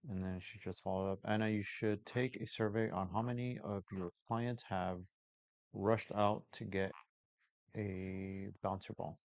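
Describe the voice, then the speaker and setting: A man's voice: lowish voice, steady tone, measured pace, creaky, dry recording. A man assisting at a live session, reading viewer comments aloud in a plain, hesitant way.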